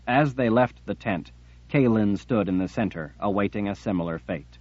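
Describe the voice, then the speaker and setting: A man reading an audiobook in a steady, measured way. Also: fairly low pitch, slightly rough, dry recording, highs cut off. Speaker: audiobook narrator. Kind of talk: audiobook narration.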